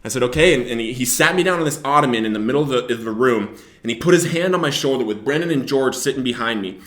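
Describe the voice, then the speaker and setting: A man's voice: medium pitch, lively intonation, fast, roomy sound. A young man hosting his own show, telling his personal story of addiction and recovery to the camera with strong emotion. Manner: emotional, rising to loud shouting in places. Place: Billings, Montana area.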